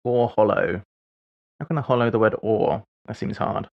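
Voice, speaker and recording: A forties-aged man streams himself solving puzzles, voicing half-formed ideas and laughing when he gets things wrong. He speaks at a moderate pace in a fairly low, gravelly voice. The dry recording has a narrow, tinny quality.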